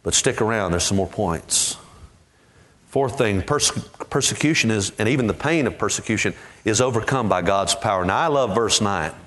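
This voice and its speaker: A man preaching a sermon with passion, rising to fervent peaks and dropping to quiet asides. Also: on the low side, animated, moderate pace. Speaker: pastor.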